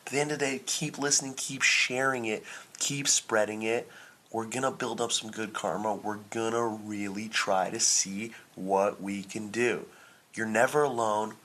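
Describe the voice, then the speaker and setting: A man's voice: on the low side, steady tone, normal speed, a bit bright. A man co-hosting a casual podcast, rambling earnestly and swearing freely. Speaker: podcast co-host.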